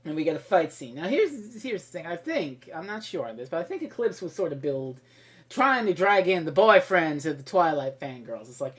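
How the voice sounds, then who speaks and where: Animated, foul-mouthed woman ranting about a movie. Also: lowish voice, brisk. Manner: profane and exasperated, breaking into laughter; swings between loud outbursts and muttered asides. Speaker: movie reviewer. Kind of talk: ranting comedic movie review.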